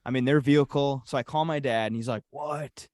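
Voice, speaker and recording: A young man with an Upper Peninsula Michigan accent, co-hosting a casual podcast and telling a story with lively energy. He swears freely. His voice sits in a middle register and sounds dry and close to the mic. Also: medium pitch, fast, dry recording. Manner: animated, heavy swearing. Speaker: podcast co-host.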